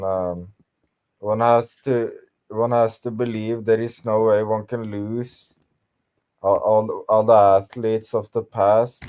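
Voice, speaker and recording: Slow, flat-voiced hesitant man. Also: fairly low pitch. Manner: hesitant, many fillers. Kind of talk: casual group discussion.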